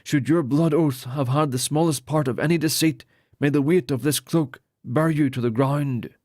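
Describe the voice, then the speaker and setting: A man's voice: a little high, moderate pace, darkish tone, dry recording, studio quality, natural voice. A man as a solemn ceremonial lord. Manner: formal ceremonial speech. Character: solemn male lord ordaining priests.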